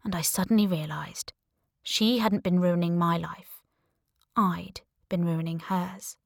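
Female audiobook narrator, low voice, close and dry. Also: fairly even intonation, a little slow, creaky, dry recording. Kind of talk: first-person audiobook narration.

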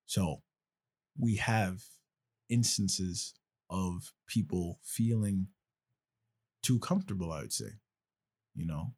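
A man's voice: deep voice, lively intonation, slow pace, long pauses, darkish tone, slightly rough. A man hosting a podcast in casual chat, loose, joking and rambling. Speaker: podcast host.

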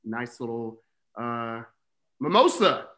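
Man, podcast co-host, bright voice, playful, casual chat. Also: mid-range voice, sing-song, takes it slowly.

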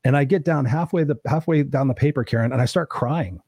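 A brash, fast-talking middle-aged man hosting a podcast, telling stories with lively acted-out quotes and plenty of swearing. His voice sits at an ordinary pitch, and the sound is close and dry, with no room around it. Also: slightly rough, no room sound. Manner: brash storyteller who acts out quotes and swears freely. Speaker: podcast host. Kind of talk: casual interview chat.

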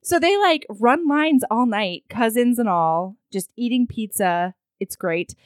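A woman co-hosting a podcast, retelling scenes in a lively way with acted-out lines and frequent laughter. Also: on the high side, unhurried, dry recording. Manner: animated storyteller, acts out lines, laughs a lot. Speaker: podcast co-host. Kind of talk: casual chat recapping a show.

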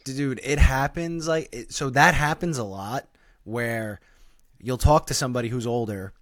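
A man's voice: mid-range voice, moderate pace, fairly bright tone, dry recording, clean studio sound. A man hosting a podcast in casual chat, laid-back and agreeable, often repeating his points. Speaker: podcast host.

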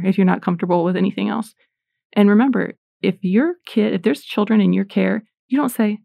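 Casting: middle-aged woman, casual faith podcaster, gravelly edge, dry close sound. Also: medium pitch, fast talker, no room sound. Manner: chatty, animated, self-deprecating. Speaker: Christian podcaster.

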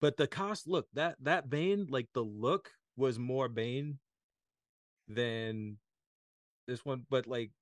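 A man's voice: medium pitch, takes it slowly, no room sound. Guy in his late forties, guest on a pod, curses a lot, pokes fun at himself, dry sound. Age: 40s. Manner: swears freely, self-mocking. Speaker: podcast guest. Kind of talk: casual chat.

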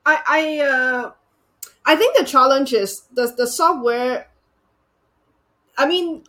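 A woman, a coaching client, speaking hesitantly with halting restarts. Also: sits high, expressive, a bit bright. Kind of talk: casual conversation.

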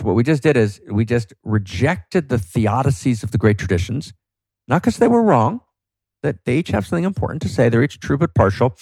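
A man's voice: medium pitch, darkish tone, no room sound. A man talking as a podcast guest, passionate and emphatic, often checking in with "right?". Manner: fervent, emphatic, frequent "right?" tags. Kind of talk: passionate philosophical talk.

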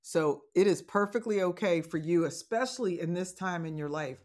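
A woman's voice: fairly low pitch, moderate pace, darkish tone. A woman hosting an advice podcast, talking casually and encouragingly to listeners, with playful asides and laughter. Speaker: podcast host, divorce coach.

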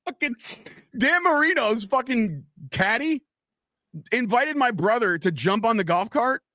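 A man's voice: very high-pitched, measured pace, no room sound, clean studio sound. A man hosting a casual sports podcast, telling profane stories and acting out the people in them. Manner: animated profane storyteller, acts out quotes. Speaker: podcast host.

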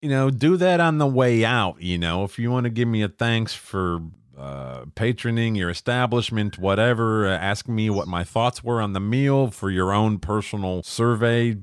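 A man's voice: fairly low pitch, animated, moderate pace, few pauses, clean tone, dry recording, studio quality. A middle-aged man co-hosting a podcast, swearing freely as he rants and mimics people in casual chat. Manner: profane, ranting, acts out quoted voices. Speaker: podcast co-host.

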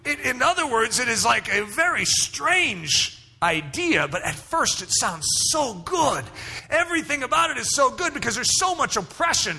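A man preaching a sermon as pastor, emphatic and rising to shouts at his strongest points. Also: very high-pitched, big pitch swings, moderate pace, creaky, slightly rough. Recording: hall reverb.

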